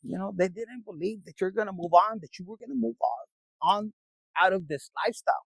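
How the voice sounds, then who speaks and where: A man with a high, gravelly voice rambles through a casual tarot reading in a dry, close sound, cursing freely and talking straight to his viewers in a loose, streetwise way. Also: a little fast, a bit bright, dry recording, poor audio. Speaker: tarot reader.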